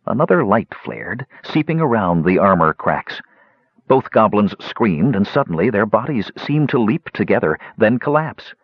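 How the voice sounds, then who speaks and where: A man narrating a fantasy audiobook in an expressive storytelling manner. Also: fairly low pitch, normal speed, breathy edge, dry recording. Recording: dry, slightly muffled recording.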